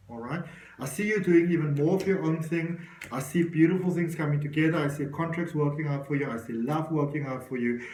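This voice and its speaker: A man's voice: on the high side, darkish tone, echoey room, poor audio. A man giving an encouraging tarot reading, talking straight to the viewer. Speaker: tarot reader.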